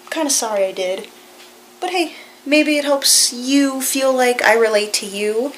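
Chatty rambling woman with a high voice. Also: a little slow, fairly bright tone, slight background noise, low-quality recording. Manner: rambling, chatty, lots of filler phrases; earnest and reassuring. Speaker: vlogger. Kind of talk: casual chat to camera.

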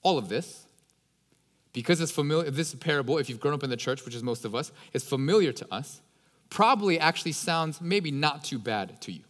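Male pastor, fairly high voice, loose conversational sermon delivery, reverberant hall. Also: expressive, a little fast, a bit bright. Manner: casual, slangy storytelling.

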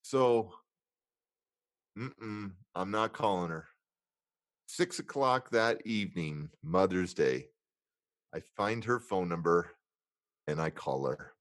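A middle-aged man, a guest in a conversation, candidly telling a painful personal story in an earnest, emotional way, dropping low and quiet at the hardest moments and acting out his inner dialogue. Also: takes it slowly, long pauses, no echo. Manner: acts out inner dialogue in different tones.

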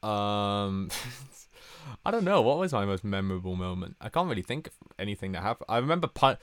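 Brief: deep-voiced young guy, podcast co-host, ribbing his partner. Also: expressive, fast, clear, resonant tone. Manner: teasing, laughs often. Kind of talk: casual chat.

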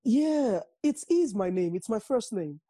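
A man's voice: sits high, very animated, a little slow, warm tone, no room sound. A man from Nigeria with a Nigerian accent, a singer chatting as a guest in an easygoing way with frequent restarts. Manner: easygoing, chuckling, restarts often. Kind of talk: casual interview chat.

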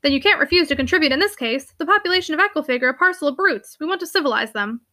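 Woman reading a pompous male curate: haughty, disdainful, clear bright tone. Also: high-pitched, animated, very fast. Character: pompous thick-skinned male curate, condescending.

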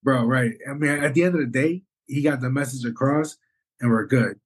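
A man co-hosting a podcast, telling a story in an animated, rambling way and swearing often. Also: mid-range voice, moderate pace, husky. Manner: animated, rambling, swears, says "bro" and "you know what I'm saying". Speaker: podcast co-host. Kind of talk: casual storytelling chat.

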